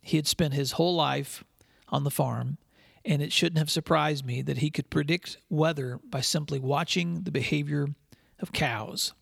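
Gravelly, husky-voiced man hosting a podcast. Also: on the high side, a bit bright, no room sound, studio quality. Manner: earnest, measured storyteller. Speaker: podcast host and school leadership speaker. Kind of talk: scripted podcast monologue with storytelling.

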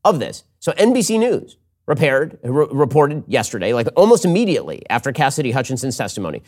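A man hosting a political commentary show, talking fast and argumentatively, with a read ad segment. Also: a little high. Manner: quick, animated, argumentative.

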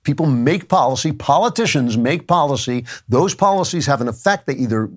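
A man hosting his own podcast, delivering an emphatic political commentary monologue in a conversational manner, with asides and quick self-corrections. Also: medium pitch, animated. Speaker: podcast host.

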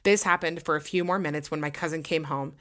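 A young woman with a low, dark-toned voice hosts a casual podcast. She chats with heavy use of "like" and reads listener stories aloud with growing excitement. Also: fast. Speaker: podcast host.

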